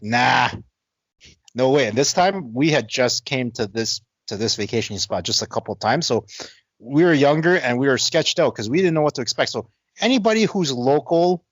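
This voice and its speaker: A man co-hosting a casual podcast, telling a loose, rambling story full of fillers and laughs. His voice sits at an everyday middle pitch and is recorded dry and close. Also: dry recording. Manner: rambling, laughing, lots of "like" and repeated words. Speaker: podcast co-host.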